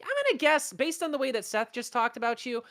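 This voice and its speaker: A woman co-hosting a casual podcast, blunt and quick to laugh. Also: sits high. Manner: animated, blunt, laughing along. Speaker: podcast co-host.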